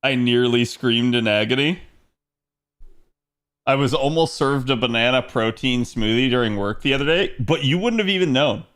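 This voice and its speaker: At normal speed, a gaming streamer talks in a medium-pitched, fairly bright, clean voice. He's chatty and laughs often, addressing his chat while he plays.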